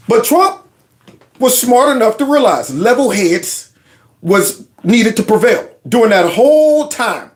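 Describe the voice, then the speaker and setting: Animated, slangy male commentator. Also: very high-pitched, normal speed. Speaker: commentary channel host. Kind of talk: casual political commentary.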